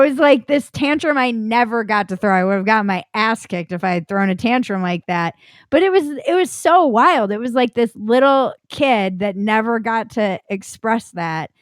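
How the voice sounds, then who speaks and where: A woman's voice: a little high, dry recording, studio quality. A woman guest on a podcast, telling a personal story in a frank, blunt way, loose with fillers.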